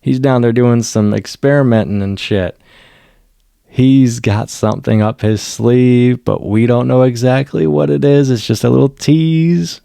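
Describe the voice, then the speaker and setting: Male reviewer, low fry-heavy voice, excitable chatty recap, dry room. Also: dry recording. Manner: excitable, laughs often, acts out quotes. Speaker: TV episode reviewer. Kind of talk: casual recap.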